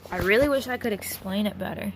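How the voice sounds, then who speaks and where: A woman's voice: mid-range voice, fast talker, a little hiss or hum. A tired woman rambling through a late-night philosophical vlog, trailing off and swearing freely. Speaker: vlogger.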